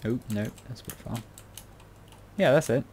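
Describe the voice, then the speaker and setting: A man's voice: medium pitch, moderate pace, background noise. A British man giving casual commentary on a building tutorial, rambling and muttering to himself with self-mocking asides. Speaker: game tutorial creator.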